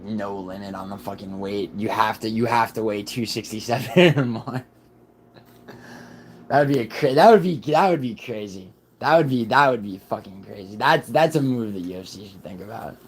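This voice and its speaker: Sick, raspy-voiced man streaming casually. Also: lowish voice, fairly quick, a little mellow, slight background noise, poor audio. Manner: rambling, profane, restarts often. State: sick, rough voice. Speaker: livestream host. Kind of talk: casual livestream chat.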